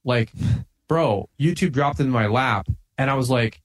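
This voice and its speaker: A man's voice: mid-range voice, measured pace. A middle-aged man speaks in a casual podcast chat, intense and fired up. He leans on "like" and "man" and drives his points home bluntly. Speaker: podcast guest, lawn care business owner.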